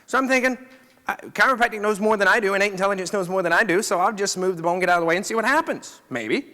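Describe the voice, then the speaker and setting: Bright-voiced man telling a story in a hall. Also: sits high, rapid-fire. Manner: conversational, checks in with the audience. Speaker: chiropractor. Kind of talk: storytelling talk to a live audience.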